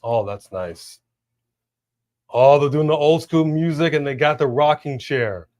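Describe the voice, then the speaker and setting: A man co-hosting a live wrestling watch-along stream, chatting casually, slangy and animated as he reads out viewer messages. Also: a little high, unhurried.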